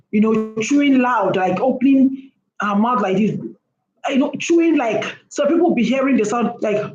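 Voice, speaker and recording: A woman's voice: on the high side, darkish tone, reverberant, lo-fi sound. A woman talking casually to camera as a vlogger, emphatic and repeating her points for stress.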